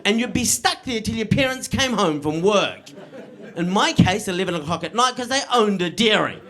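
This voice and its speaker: A middle-aged man performing a stand-up comedy set, delivering deadpan punchlines and checking in with the crowd. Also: sits high, normal speed.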